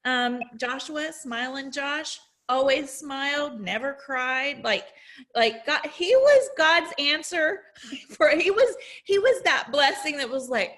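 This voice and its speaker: A woman in her forties sharing a faith-filled testimonial as an essential oils educator, telling her stories in an animated, exclamatory way. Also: sits high, slow pace.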